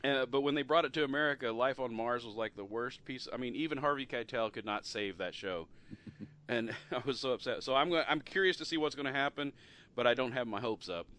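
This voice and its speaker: A man's voice: medium pitch, brisk, a bit bright. A middle-aged man hosting a casual podcast chat, talking loosely with frequent laughs and trailing off at the ends of sentences. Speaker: podcast host.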